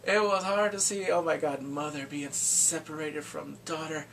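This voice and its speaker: A man recapping a TV drama in a casual vlog, chatty and excitable, acting out the scenes. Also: a little high, normal speed, gravelly, recorded from a distance, slight background noise, low-quality recording. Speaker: drama reviewer.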